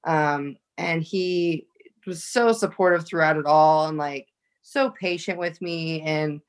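A young woman guest speaks in a lower voice and tells her stories in an eager, rambling way, full of fillers and restarts. It sounds like relaxed, casual chat. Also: takes it slowly. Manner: lively storytelling, many likes and restarts. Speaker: fighter guest.

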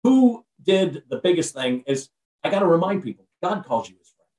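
A man's voice: high voice, sing-song, normal speed, a little mellow. A man talks as a guest on a podcast, full of preachy, motivational energy, stumbling over and restarting his words as he pushes forward. His voice sits a little back from the mic in a roomy, echoing space. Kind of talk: casual podcast conversation. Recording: roomy sound from far off the mic.

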